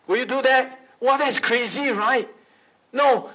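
Animated high-voiced preacher. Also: male voice, unhurried, low-quality recording. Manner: animated preaching, big pitch swings, calls for amens. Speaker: pastor. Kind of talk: sermon.

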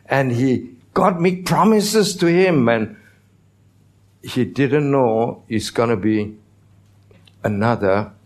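Slow-preaching man pastor. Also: medium pitch, lively intonation. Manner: teaching, asks the congregation questions; non-native phrasing. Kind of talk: sermon.

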